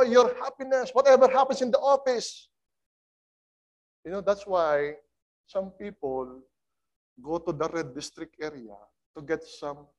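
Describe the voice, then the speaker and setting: A man preaching a sermon as a guest speaker, swinging between loud and soft and getting the congregation to join in. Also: sits high, dull audio.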